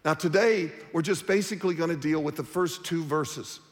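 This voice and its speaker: High-voiced pastor preaching in a big room. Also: male voice, moderate pace, in a large hall. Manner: conversational, direct address to the congregation. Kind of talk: sermon.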